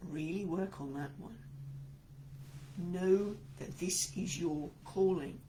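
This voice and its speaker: A woman's voice: lowish voice, slow, long pauses, dark tone, a little hiss or hum, low-quality recording. A woman coaching speakers in a talk to camera, emphatic and encouraging, a little stuffy-nosed this morning.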